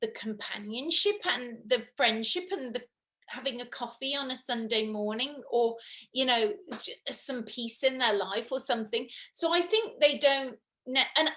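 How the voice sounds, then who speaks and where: A woman guest in a casual spiritual conversation, chatty and lively, often acting out what others said. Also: on the high side. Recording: roomy echo.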